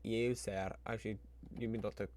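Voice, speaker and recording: A man with a lowish, level, slightly mellow voice talks a little fast while streaming his spreadsheet-building. He thinks aloud in a rambling, casual manner, speaks to his computer, and invents little sound effects. A little hiss or hum comes through along with keyboard typing and clicking.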